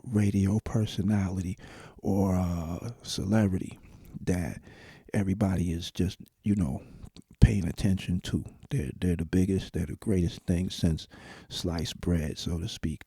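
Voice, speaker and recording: A man's voice: deep voice, creaky, warm tone, breathy edge, dry recording, clean studio sound. A man talking in a rambling, conversational monologue with restarts and emphatic asides. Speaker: commentator. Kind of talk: casual monologue.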